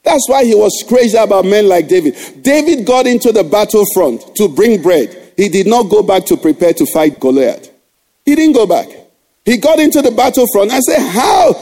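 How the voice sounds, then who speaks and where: A man's voice: sits high, dark tone. A middle-aged male pastor preaching a sermon, exhorting the congregation with rhetorical questions.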